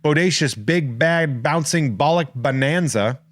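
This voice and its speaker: A man's voice: on the high side, a little slow, no room sound, studio quality. An American man hosting a podcast, rambling and joking at his own expense in casual chat. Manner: jokey, rambling, self-mocking. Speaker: podcast host.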